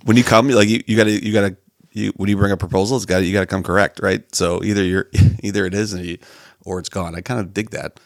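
A man co-hosting a podcast in casual chat, quick and halting with many restarts. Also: fairly low pitch, level tone, no room sound, studio quality. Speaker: podcast co-host.

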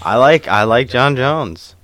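A man co-hosting a casual sports chat, agreeable and quick to chime in, sometimes arguing the other side. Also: mid-range voice, lively intonation, a bit bright. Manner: agreeable, quick backchannels, plays devil's advocate. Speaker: podcast co-host.

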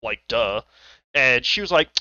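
A man from Texas co-hosting a casual podcast, animated and laughing often as he swears through stories. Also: medium pitch, measured pace, no echo, lo-fi sound. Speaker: podcast co-host. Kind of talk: casual chat.

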